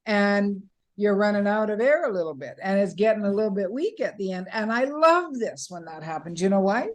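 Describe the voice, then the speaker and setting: Woman from Canada, voice coach, lively online workshop leader demonstrating breath and sounds. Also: mid-range voice, brisk. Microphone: video call.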